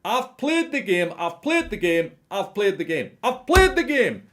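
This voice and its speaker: A man's voice: high voice, big pitch swings, a little slow, a bit bright, voice pushed up, full character voice. A man mimicking a middle-aged male football pundit who rants and repeats himself insistently. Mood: ranting. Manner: repetitive, insistent ranting.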